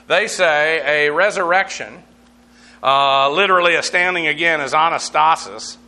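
A man leads a verse-by-verse Bible lesson in a conversational teaching manner. His voice is bright and sits a little high for a man. He breaks down Greek terms and spells them letter by letter, with frequent fillers along the way. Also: normal speed.

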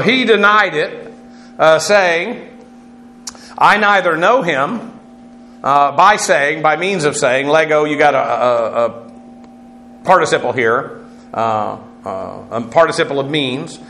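A man's voice: sits high, a bit bright. A man teaching a Bible lesson, walking through Greek words, spelling them out letter by letter with frequent filler sounds. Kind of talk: Greek word-study lecture. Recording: echoey room with faint noise.

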